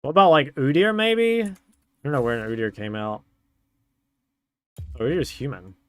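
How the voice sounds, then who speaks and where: A man's voice: a little high, very animated, moderate pace, smooth. A young man streaming, chatting casually and answering chat in a laid-back way.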